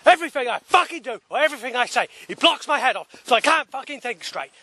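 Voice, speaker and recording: A man in a furious, yelling rant, swearing heavily as he loses his temper. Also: extremely high pitch, animated, fast, slightly rough. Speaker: vlogger. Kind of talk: shouted rant.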